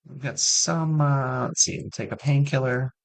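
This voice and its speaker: A man's voice: medium pitch, steady tone, normal speed, vocal fry, low-quality recording. A man giving casual, chatty commentary on his own gameplay, talking straight to his viewers with jokey asides. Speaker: gaming streamer. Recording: music playing behind.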